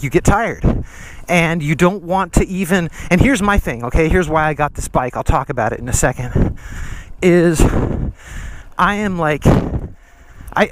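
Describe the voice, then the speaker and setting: A man's voice: a little high, noisy background. A man out of breath, vlogging casually while riding a trail, rambling and slangy. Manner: slangy and rambling, says dude and freaking. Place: outdoor trail.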